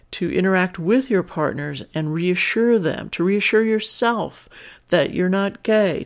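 A woman hosting her own podcast, talking to listeners in an enthusiastic, frank way and laughing easily. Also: lowish voice. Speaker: podcast host. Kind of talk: casual solo podcast talk.

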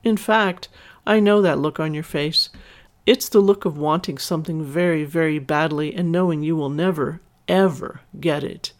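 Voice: mid-range voice, normal speed, lightly acted. A reader voicing a mocking, taunting young woman. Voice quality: mocking, sing-song.

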